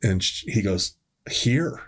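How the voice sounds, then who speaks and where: A middle-aged man with a low, husky voice chats casually on a podcast. He rambles through an old work story, restarting his sentences as he goes. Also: moderate pace. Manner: rambling, self-correcting storyteller. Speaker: podcast host, EMS worker.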